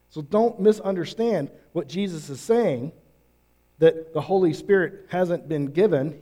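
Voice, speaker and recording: A man preaching a sermon, earnest and emphatic, with drawn-out pauses. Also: fairly high pitch, mellow. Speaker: pastor.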